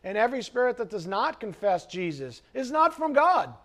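A man preaching a sermon in an animated way, reading scripture and acting out everyday conversations. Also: very high voice, normal speed. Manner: animated, acts out quoted voices. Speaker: pastor.

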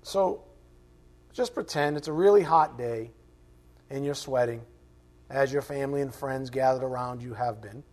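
A man's voice: medium pitch, moderate pace, long pauses, a little mellow. A man teaching a Bible class in a conversational way, asking rhetorical questions and acting out quoted voices. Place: classroom with a board.

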